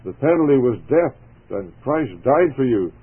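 A man reading a gentle young soldier lad on radio. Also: medium pitch, expressive, normal speed, husky. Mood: tender. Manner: gentle, earnest, tender. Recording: tinny phone-like radio broadcast.

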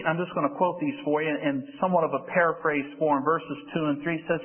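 A man preaching a sermon in an earnest way, lifting his voice for emphasis. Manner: earnest, rises in pitch for emphasis. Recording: phone-like sound with long hall reverb.

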